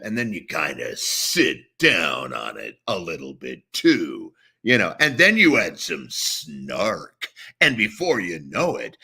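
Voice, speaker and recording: A middle-aged man, a voice actor guest, chatting casually and animatedly in an interview, sometimes dropping into growls to demonstrate. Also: slightly rough. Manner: animated storyteller, drops into deep growls to demonstrate.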